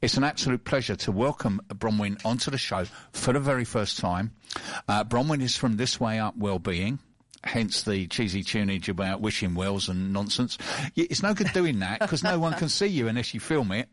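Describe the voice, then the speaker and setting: A man's voice: on the low side, expressive, moderate pace, dry recording. A man hosting a casual radio chat show, joking and teasing his co-host. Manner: jokey, teasing banter.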